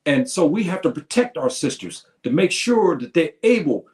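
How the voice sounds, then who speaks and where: Lively-pitched man lecturing with many restarts. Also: normal speed. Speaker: speaker giving a talk. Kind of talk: informal lecture to listeners.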